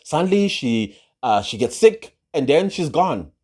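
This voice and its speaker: A man's voice: fairly high pitch, very animated, unhurried, a little mellow. A man giving opinionated gossip commentary, sarcastic and full of rhetorical questions. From South Africa. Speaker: social commentary vlogger.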